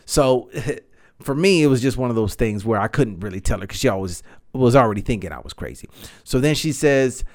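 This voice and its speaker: A man in his thirties hosting a podcast, telling a story in a rambling, animated way and swearing freely. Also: mid-range voice, fairly quick. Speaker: podcast host. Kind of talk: casual storytelling monologue.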